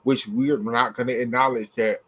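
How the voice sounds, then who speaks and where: A young man delivering an impassioned commentary rant. He swears freely and repeats himself for emphasis, his voice sitting at an ordinary middle pitch. Blunt, fired-up and direct. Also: steady tone, normal speed, fairly bright tone. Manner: heated, blunt, profane and repetitive. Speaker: gymnastics commentator. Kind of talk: ranting commentary vlog.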